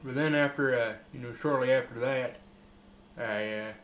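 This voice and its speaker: A man's voice: mid-range voice, steady tone, moderate pace, fairly bright tone, reverberant, a little hiss or hum. A man rambling through an improvised comic monologue as a mock interviewee, drawling with fillers and laughs.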